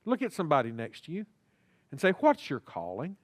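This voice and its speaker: A man's voice: fairly high pitch, huge pitch swings, a little fast, no echo. A male pastor preaching a sermon in a church, talking to the congregation and acting out little dialogues. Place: church sanctuary.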